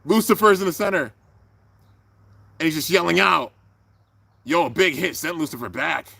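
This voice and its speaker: A young man hosting a live reaction, commenting excitedly and often breaking into loud exclamations. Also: a little high, moderate pace, gravelly, no echo. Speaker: channel host reacting to an anime episode. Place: home room with a fan, traffic outside.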